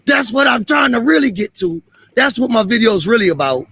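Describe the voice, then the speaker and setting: Brief: gravelly, high-voiced New man, heated street confrontation, profane. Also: very animated, a little fast, dry recording. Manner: angry, profane, repeats himself, shouts at times. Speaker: man confronting police on video.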